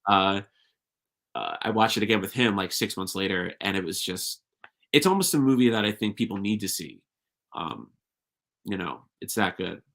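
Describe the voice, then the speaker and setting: Bright-toned, low-pitched young man rambling. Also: lively intonation, normal speed, vocal fry. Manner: rambling, with many fillers and restarts. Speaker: podcast guest. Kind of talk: casual chat.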